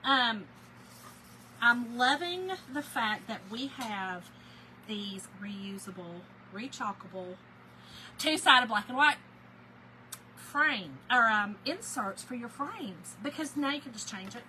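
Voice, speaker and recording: A chatty Southern woman talks her way through a craft live stream, her voice sitting a touch high. She breaks into a bright sing-song when she greets viewers by name. Steady background noise hums under her voice. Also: takes it slowly, low-quality recording. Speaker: livestream crafter. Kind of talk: casual live-stream chat.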